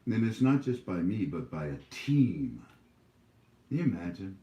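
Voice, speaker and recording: Male YouTube host, soft dark voice, preachy and rambling, echoey room. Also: low-pitched, big pitch swings, a little slow. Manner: scolding, preachy, rambling with many fillers. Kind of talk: casual monologue to viewers. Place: his home.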